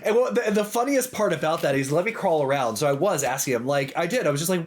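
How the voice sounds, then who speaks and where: A man co-hosting a podcast, telling gaming stories in an animated way, full of "like" fillers. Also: high voice, fast talker. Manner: animated storytelling with many "like" fillers. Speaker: podcast co-host. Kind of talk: casual chat.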